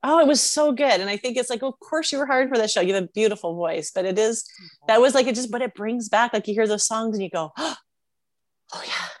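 A woman's voice: a little high, lively intonation, fast. A woman hosting a podcast, talking reflectively and rambling, with many "like" fillers. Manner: reflective, rambling, heavy use of "like". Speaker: podcast host. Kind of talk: casual podcast interview.

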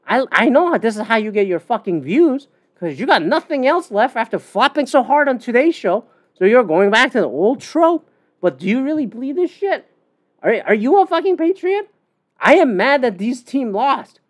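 A woman's voice: fairly high pitch, very animated, moderate pace, no echo, clean studio sound. A woman hosting a podcast, ranting bluntly and profanely in casual talk with many fillers. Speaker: podcast host. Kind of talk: casual opinion rant.

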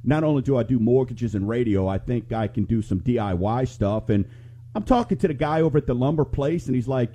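A man's voice: medium pitch, lively intonation, brisk, dark tone. A middle-aged man hosting a live talk radio show, chatting and telling rambling stories to listeners. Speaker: radio show host and mortgage lender.

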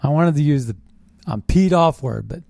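A man's voice: a little high, normal speed, vocal fry, dry recording. Indignant man ranting politics. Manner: animated, indignant, sarcastic ranting. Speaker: political commentary host. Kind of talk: opinionated political monologue.

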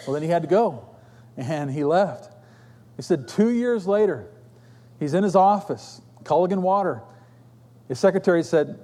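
A man's voice: on the high side, animated, normal speed, long pauses, dark tone. A man preaching a sermon as pastor, telling stories in a conversational way with casual asides to his congregation. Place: church sanctuary. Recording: long reverb of a church hall.

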